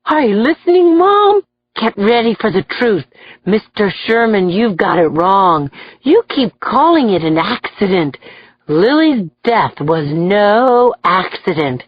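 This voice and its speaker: A woman's voice: a little high, expressive, takes it slowly, no echo, muffled recording, pitched above the performer's own voice. A woman voicing a troubled adult man on the witness stand in an audiobook, his voice raised and emotional. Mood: agitated. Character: troubled adult male defendant, unstable.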